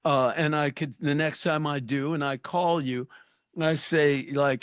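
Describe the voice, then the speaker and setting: A man, a negotiation expert guest, talking in an animated interview and acting out bits of dialogue. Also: on the high side, unhurried, smooth, no echo, studio quality. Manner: storytelling, acts out dialogue with sudden loud bursts.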